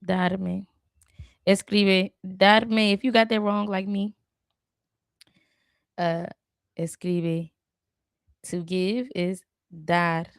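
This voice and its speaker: Slow, gravelly-voiced woman practicing aloud. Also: mid-range voice, steady tone, no echo, studio quality. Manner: chatty, self-correcting, repeats words aloud. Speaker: language learner hosting a live stream. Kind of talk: casual live study session.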